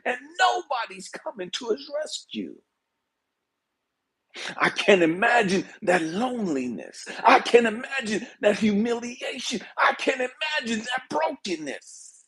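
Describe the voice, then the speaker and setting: Husky high-voiced guy preaching hard, drops to whispers then yells out. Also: big pitch swings, measured pace. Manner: swings from hushed whispers to shouted pleas. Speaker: spiritual speaker. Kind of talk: impassioned motivational preaching.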